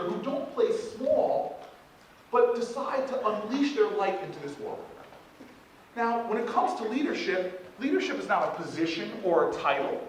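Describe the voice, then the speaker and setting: Man, 40s, motivational speech, animated, jokes with crowd, far from mic, faint background hum. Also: sits high. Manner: animated, joking with the audience. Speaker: keynote speaker at a leadership event. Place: large event hall. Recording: echoey hall from far off.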